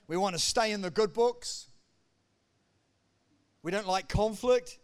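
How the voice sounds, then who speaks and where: Speaking slowly in a high, clean-toned voice, a male pastor preaches emphatically. He alternates between loud pronouncements and quieter asides.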